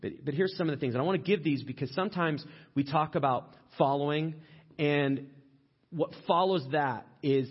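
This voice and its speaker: A man preaching a sermon as pastor, in a conversational way, sometimes acting out quoted complaints in a higher voice. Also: moderate pace, highs cut off.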